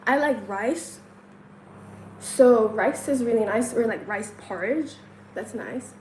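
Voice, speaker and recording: In a rough recording with a little hiss or hum, a woman from China takes her time in a slightly high, a little mellow voice. She hosts a casual hotel-room livestream, counting aloud, answering chat questions and frequently laughing.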